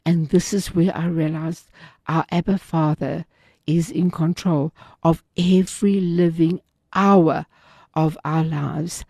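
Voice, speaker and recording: A woman's voice: fairly low pitch, darkish tone, no echo, clean studio sound. A woman hosting a Christian program, sharing an earnest, devout testimony and reading scripture, often restarting her sentences.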